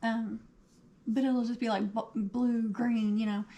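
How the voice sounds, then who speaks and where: Craft livestream host: woman with a slightly high, mellow voice, a bit hoarse, easygoing chat. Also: flat delivery, a little slow. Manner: chatty, answers viewer comments aloud. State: losing her voice.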